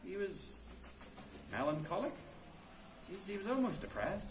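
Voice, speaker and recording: Background noise accompanies this man's high-pitched, sing-song voice as he tells a folk tale at a moderate pace. His oral storytelling is chatty and unscripted, recorded inside a stone cave tomb where the echo sounds roomy.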